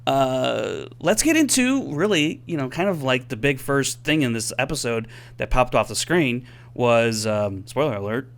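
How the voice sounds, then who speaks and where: A man's voice: medium pitch, sing-song, a little slow, gravelly, few pauses. A young adult man hosting a fan podcast, rambling and hedging casually as he leads the discussion. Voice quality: rambling, hedging, many fillers. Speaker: podcast host. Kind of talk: casual chat.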